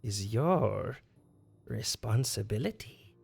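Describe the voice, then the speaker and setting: Man voicing a gravelly old hag, husky, curt and stern, swooping tone. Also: fairly low pitch, animated, takes it slowly, darkish tone, faint music behind, full character voice.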